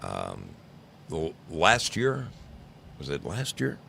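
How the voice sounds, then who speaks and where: Hosting a livestream, a New Jersey man in his sixties chats casually with live chat viewers, teasing them and rambling through stories. His very deep voice is creaky, pushed and bright, moving slowly with huge pitch swings, and there's a little hiss or hum.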